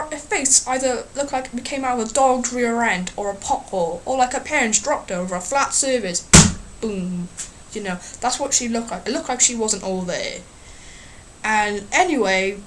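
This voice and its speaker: A woman's voice: on the high side, slight background noise. A woman ranting in a casual vlog, telling rambling, sarcastic, sweary stories. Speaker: vlogger.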